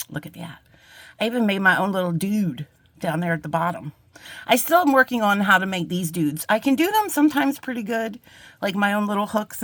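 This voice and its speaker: A woman's voice: mid-range voice, dry recording. Woman, casual crafting tutorial host, chatty, rambling, self-deprecating, dry close sound. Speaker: jewelry-making channel host. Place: home craft desk with a cat around.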